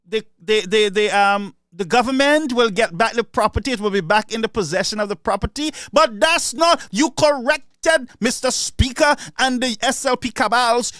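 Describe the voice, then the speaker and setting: A man's voice: very high-pitched, moderate pace, hardly any pauses, fairly bright tone, dry recording, clean studio sound. A man with a Saint Lucian accent giving an impassioned political speech, sarcastic and mocking. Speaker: political commentator.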